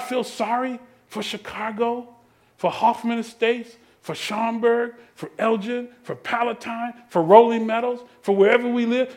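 A man preaching to his congregation in church, throwing out "what?" questions and swinging from shouted peaks to low, quiet stretches. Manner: call-and-response questions, swings between shouting and low murmurs. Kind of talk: sermon.

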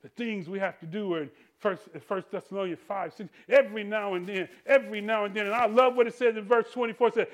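A male pastor preaching a sermon in church, calling out to the congregation and swinging between hushed tender asides and shouted refrains. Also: high-pitched, steady tone, fast, few pauses. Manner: preaching with call-and-response, rising to shouts; drops to soft tender voice for quoted lines.

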